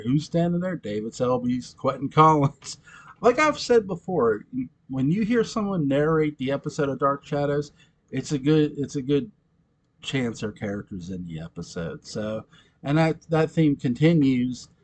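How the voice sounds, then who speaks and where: Giggly man rambling through a fan recap. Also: on the high side. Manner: giggly, rambling, frequent laughter and self-corrections. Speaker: fan commentator recapping episodes.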